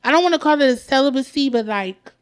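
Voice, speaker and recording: A woman's voice: high voice, expressive, fast talker. A young woman from Philadelphia, a comedian guest talking candidly and rambling with many fillers, acting out the voices of people she quotes. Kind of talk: candid casual chat.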